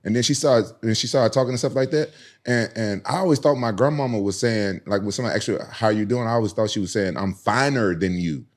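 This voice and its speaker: A man's voice: mid-range voice, fast. A man in his forties with a Southern American accent, guest on a podcast, telling stories animatedly with frequent laughs and repeated words. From United States. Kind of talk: casual chat.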